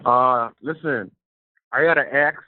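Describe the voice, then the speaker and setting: A man's voice: medium pitch, unhurried, a little hiss or hum. A man from the Bahamas calling in to a talk show, telling brag stories with chuckles. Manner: boastful, chuckling storyteller. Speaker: caller. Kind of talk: phone-in chat. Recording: tinny phone line.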